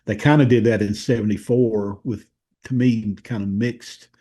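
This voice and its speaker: A man talking things over on a podcast, his voice mellow and a little husky. He muses slowly, often trailing off and restarting his thought. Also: lowish voice, fairly even intonation. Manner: thoughtful, hesitant, many fillers and restarts. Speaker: co-host of a wrestling history show. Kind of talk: casual podcast discussion.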